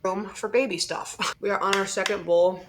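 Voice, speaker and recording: A woman's voice: mid-range voice, steady tone, moderate pace, slight background noise. A woman vlogger chatting casually and rambling to her viewers. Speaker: lifestyle vlogger. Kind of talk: casual vlog chat.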